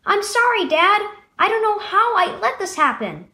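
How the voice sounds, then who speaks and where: Woman doing a young girl, tearful, pleading, high lively voice, storybook reading. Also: normal speed, echoey room, full character voice. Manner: sniffling, pleading.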